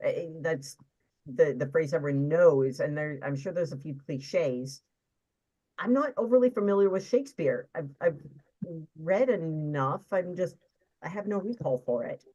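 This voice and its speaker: A woman's voice: low voice, animated, unhurried, warm tone, muffled recording. A woman co-hosting a stream, chatting casually in a dry, wry, self-deprecating way. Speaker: stream co-host. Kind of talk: casual chat.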